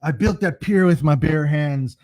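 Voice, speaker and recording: A man's voice: a little high, unhurried, a little mellow, dry recording, lightly acted. Man putting on a proud old Scotsman. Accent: attempted Scottish. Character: proud old Scottish man, a bar builder.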